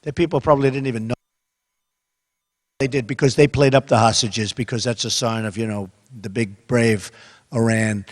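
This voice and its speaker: An older man in his seventies giving a campaign speech at a rally event, repetitive and emphatic, swinging between quiet asides and loud bursts. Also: medium pitch, steady tone, normal speed. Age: 70s. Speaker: candidate speaking at a rally event. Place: large hall with an audience. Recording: echoey hall with crowd behind.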